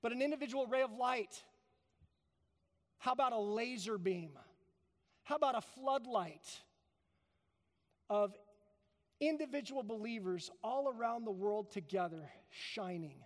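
High-voiced man preaching in a hall. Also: unhurried, pauses often. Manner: emphatic, building to loud peaks then dropping soft. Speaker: pastor. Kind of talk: sermon. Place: church sanctuary.

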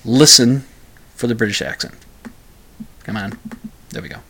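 Halting, casual male podcast host. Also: mid-range voice, very noisy. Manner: halting, with many restarts and repeated words. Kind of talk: casual solo podcast talk.

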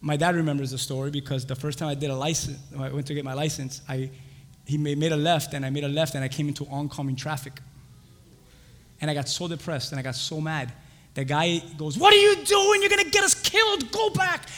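A young man preaching a sermon, telling a lively personal story with laughter and acted-out voices. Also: on the high side, fairly quick. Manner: animated, laughing, acts out voices in his stories. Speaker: pastor. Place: church. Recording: church hall reverb.

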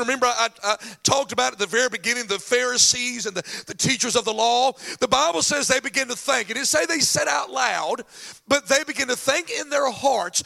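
A male pastor preaching a sermon, telling a Bible story in an animated way with folksy asides. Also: extremely high pitch, fairly quick, creaky.

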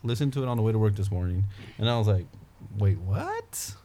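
A man's voice: on the low side, racing, warm tone, a little hiss or hum. A young man co-hosting a casual chat, laid-back, chiming in with short remarks.

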